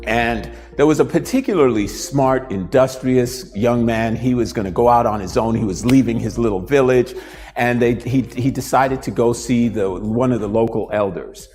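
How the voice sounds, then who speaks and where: A man hosts a talk as an animated, conversational storyteller, with a medium pitch. His voice rings with a long reverb, and faint music runs beneath it. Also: moderate pace. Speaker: host and motivational speaker. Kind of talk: storytelling talk with a live demonstration.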